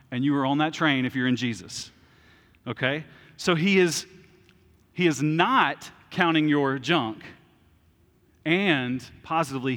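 A man's voice: mid-range voice, fairly bright tone. A male pastor preaching a conversational sermon in a church, informal and plain-spoken, checking in with "okay?" and joking at his own expense. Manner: informal and plain-spoken, with frequent "okay?" check-ins and self-deprecating humor. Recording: long reverb of a large hall.

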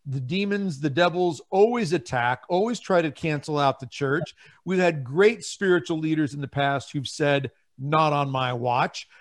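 A man's voice: fairly high pitch, moderate pace, a little hiss or hum. A man speaking as a guest on a Catholic talk show, earnest and preacherly, sometimes repeating his words. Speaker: guest, Catholic ministry leader. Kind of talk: casual talk show discussion.

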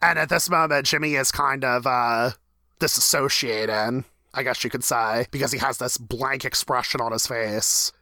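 A man's voice: mid-range voice, fairly even intonation, pushed and bright, no room sound. A man co-hosting a casual podcast, thoughtfully walking through scenes of a TV episode. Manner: thoughtful, measured, reads a monologue aloud. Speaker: podcast co-host. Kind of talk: casual recap chat.

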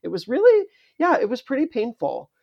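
A podcast co-host chatting casually about a TV series, animated and rambling, with playful asides. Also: medium pitch, a little fast, creaky, dull audio.

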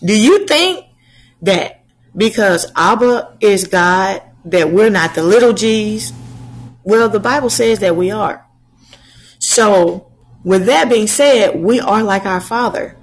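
Slow, breathy woman preaching. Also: mid-range voice, lively intonation, low-quality recording. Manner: slow, drawn-out preaching with rhetorical questions. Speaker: channel host preacher. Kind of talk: sermon.

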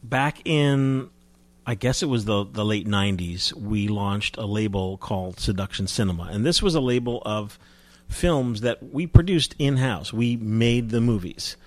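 A man's voice: fairly low pitch, unhurried, dry recording. A man from New Jersey telling stories as an interview guest, chatty, with frequent restarts. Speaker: guest, film distributor. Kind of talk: casual interview storytelling.

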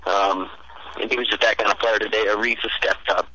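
A man's voice: on the low side, fairly even intonation, fairly quick, pushed and bright, breathy edge, dry recording. A man calling in to a casual sports chat, teasing and rambling through his analysis over the phone. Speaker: caller, sports fan. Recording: tinny phone line.

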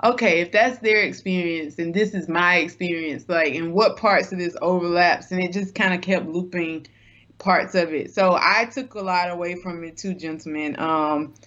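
A woman's voice: lowish voice, steady tone, normal speed, a bit bright, dull audio. A woman guest co-host on a podcast, speaking in a thoughtful, reflective, casual way. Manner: thoughtful, reflective, laughs easily.

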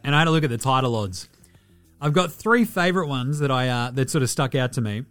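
A man's voice: mid-range voice, animated, a little fast, a bit bright, faint music behind. A man with an Australian accent hosting a casual sports podcast, rambling, joking and swearing freely. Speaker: podcast host.

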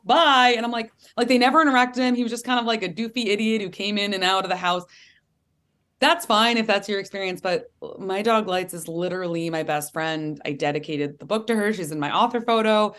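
A woman author being interviewed, talking earnestly and animatedly and acting out quotes in lively voices. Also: mid-range voice. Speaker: author and guest. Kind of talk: candid interview conversation.

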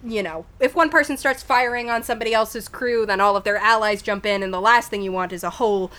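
A woman narrating as game master in a relaxed, rambling way. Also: medium pitch, quick pace.

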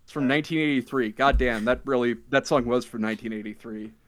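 A young man with an ordinary mid-range voice hosts a loose, casual podcast. He reads online posts aloud and often stops, restarts and fills gaps with ums. His talk stays halting and offhand. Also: medium pitch, a bit bright. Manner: halting, many fillers and restarts. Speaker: podcast host.

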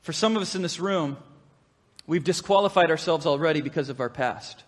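A man preaching a sermon to his congregation, telling a story in a lively, conversational way. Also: fairly high pitch, brisk. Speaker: pastor. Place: church sanctuary. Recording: long hall reverb.

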